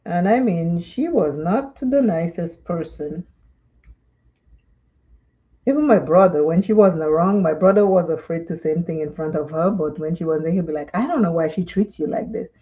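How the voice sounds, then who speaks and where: A woman's voice: fairly low pitch, normal speed, mellow, dull audio. A woman from Dominica, chatting and telling stories during a live makeup tutorial and laughing often. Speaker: makeup vlogger.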